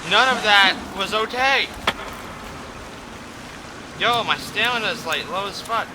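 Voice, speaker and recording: A man's voice: high-pitched, takes it slowly, background noise. A man doing let's play commentary, swearing constantly and yelping in panic at enemies over game sounds. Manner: profane, panicky, yelps and curses at enemies. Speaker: gaming YouTuber.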